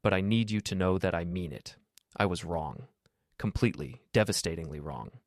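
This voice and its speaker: A man's voice: deep voice, lively intonation, normal speed, gravelly, dry recording, clean studio sound. A man voicing a remorseful father in his sixties, apologetic and pleading in a storybook reading. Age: 60s.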